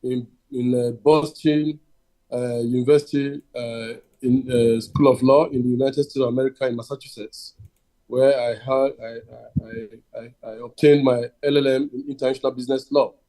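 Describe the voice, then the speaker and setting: A Nigerian man, a lawyer, introducing himself on a video call in a measured, halting way. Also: medium pitch, steady tone, warm tone. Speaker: guest, lawyer.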